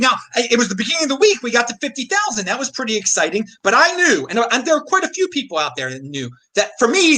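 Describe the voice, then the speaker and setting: Excitable host, high and lively. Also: male voice. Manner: excitable, exclamatory, ranting. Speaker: show host. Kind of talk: hyped live-stream panel hosting.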